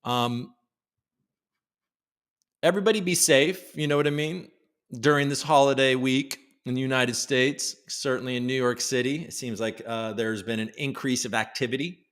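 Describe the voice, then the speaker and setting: A man's voice: mid-range voice, fairly even intonation, moderate pace, a bit bright. A man hosting a livestream, reading news headlines aloud in a casual way with joking asides. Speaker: host.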